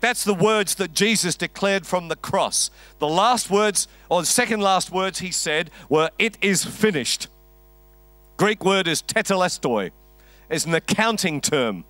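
Guy pastor giving a sermon, kinda high voice, jokey storytelling, dry sound. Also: fairly bright tone, dry recording. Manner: wry, conversational storytelling with humor.

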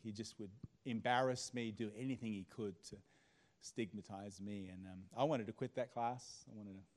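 A man, a pastor telling a personal story in a sermon, swinging from hushed to loud. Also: lowish voice. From Australia.

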